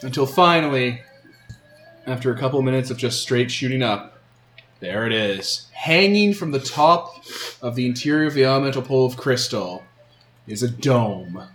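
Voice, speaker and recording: This game master speaks expressively at a moderate pace, his mid-range voice a bit bright, as he describes tabletop role-playing scenes full of fillers. The roomy recording has faint music and slight background noise.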